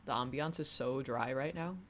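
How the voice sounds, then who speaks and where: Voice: mid-range voice, normal speed, fairly bright tone, a little hiss or hum. A streamer giving playful, joking commentary on a live-streamed game, reading the dialogue aloud and laughing often, on a desk mic.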